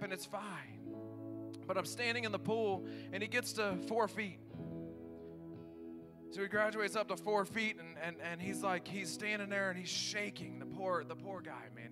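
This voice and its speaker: A man preaching a sermon, telling stories with animated enthusiasm. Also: sits high, normal speed, over music. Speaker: pastor.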